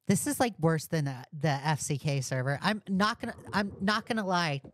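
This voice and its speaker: A woman reacting to a video as a commentary streamer, profane and mocking, with excitable outbursts. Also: low voice, moderate pace, dry recording.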